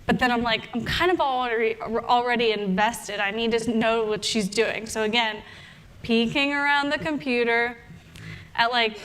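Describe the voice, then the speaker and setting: A young adult woman, a health coach, telling a story in a talk and acting out her own inner thoughts with animated delivery. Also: on the high side, clean tone.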